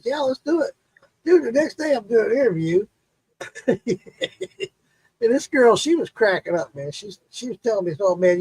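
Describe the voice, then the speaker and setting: Husky high-voiced storyteller man. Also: darkish tone, no room sound, rough recording. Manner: profane, laughing storyteller, acts out quotes. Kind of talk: casual storytelling chat.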